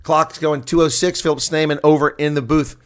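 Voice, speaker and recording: A man giving live play-by-play rugby commentary, talking fast through the action, chatting with viewers and shouting on big plays. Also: a little high, fairly even intonation.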